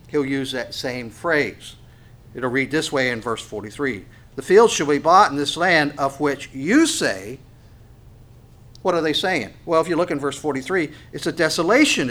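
A man preaching a sermon, reading scripture aloud with rising force and dropping low for asides to the congregation. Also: fairly bright tone. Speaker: pastor.

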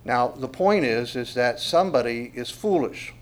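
A man's voice: medium pitch, animated, moderate pace. A middle-aged man teaching a Bible passage verse by verse, talking conversationally, asking rhetorical questions and leaning hard on key words. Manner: conversational, asks rhetorical questions, dynamic emphasis.

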